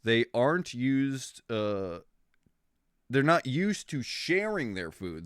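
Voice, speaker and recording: A young man streaming, chatting casually with viewers in a rambling, excitable way, swearing freely. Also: medium pitch, takes it slowly, clean tone, dry recording, clean studio sound.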